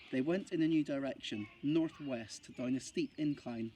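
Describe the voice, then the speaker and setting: A man's voice: mid-range voice, moderate pace, few pauses, faint music behind. Man teacher reading a story aloud. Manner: steady, expressive storytelling. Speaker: primary school teacher. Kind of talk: reading a children's novel aloud.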